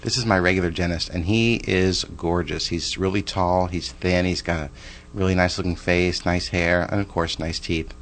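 A man's voice: sits low, fairly even intonation, normal speed, fairly bright tone, a little hiss or hum. A man in his forties telling a personal story in a chatty, rambling way, with restarts and side remarks. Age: 40s.

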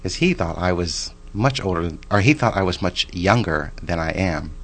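A man in his forties tells a story from his own day in a loose, chatty way. His voice sits very low, and he keeps restarting sentences and wandering into side remarks. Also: normal speed, fairly bright tone, husky. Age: 40s. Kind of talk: casual personal storytelling.

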